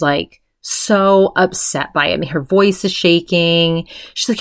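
A woman's voice: fairly low pitch, unhurried, few pauses. A woman hosting a podcast, chatting casually as she retells a story, full of fillers and quoted voices. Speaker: podcast host.

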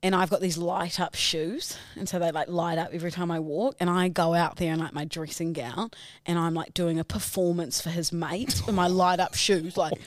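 A young woman co-hosting a casual podcast chat, telling childhood stories with lively, loud put-on quotes. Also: on the low side, normal speed, no room sound, clean studio sound. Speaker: podcast co-host.

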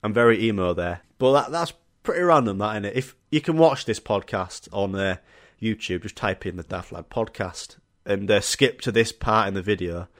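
A man's voice: on the low side, moderate pace, no room sound, clean studio sound. A young man with a Yorkshire accent hosting a solo podcast, telling school stories with laughter, swearing and acted-out quotes. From Yorkshire, England. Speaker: podcast host.

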